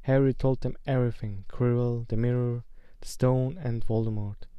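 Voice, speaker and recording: Calm man reading a storybook. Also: medium pitch, moderate pace, clear, resonant tone, dry recording, lo-fi sound. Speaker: audiobook reader. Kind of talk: storybook narration.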